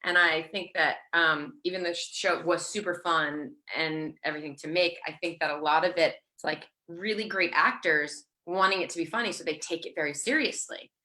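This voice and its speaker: A woman's voice: fairly low pitch, fairly even intonation, normal speed, few pauses, pushed and bright. A woman in her thirties chatting as an interview guest, rambling with many fillers and restarts. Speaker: guest actor. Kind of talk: casual interview chat.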